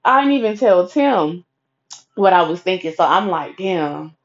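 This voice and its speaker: A young woman telling a story on her vlog in a blunt, profane, animated way. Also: fairly low pitch, normal speed, dull audio. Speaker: vlogger. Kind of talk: storytime monologue.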